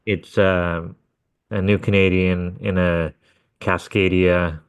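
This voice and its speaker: Deep-voiced man telling stories. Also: flat delivery, slow, clear, resonant tone, dry recording. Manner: swearing, acts out quotes. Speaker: podcast co-host. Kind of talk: casual storytelling.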